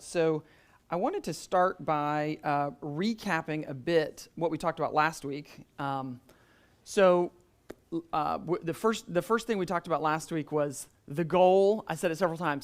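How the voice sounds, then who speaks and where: A man leading a Sunday school class with a fairly high voice in a church classroom. He talks casually, full of "um"s and restarts, and keeps asking the group questions. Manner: conversational, many "um"s and restarts, quizzes the class.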